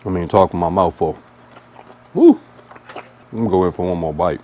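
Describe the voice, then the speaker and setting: A man's voice: deep voice, normal speed, pauses often, warm tone, a little hiss or hum. A man with a Mississippi Southern accent hosting a casual cooking vlog in a folksy, easygoing, chatty way. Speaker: cooking channel host.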